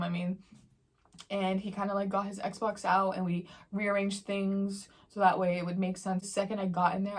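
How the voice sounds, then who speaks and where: Young woman, vlogger, casual slangy chat, eating while talking, mid pitch. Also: darkish tone.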